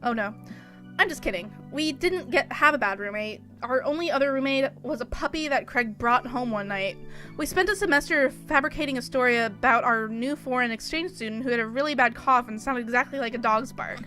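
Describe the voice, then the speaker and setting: Young woman gamer, high bright voice, jokey let's play chatter. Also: normal speed, faint music behind. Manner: chatty, jokey, laughs often. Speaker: gameplay video host. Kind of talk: let's play commentary and reading.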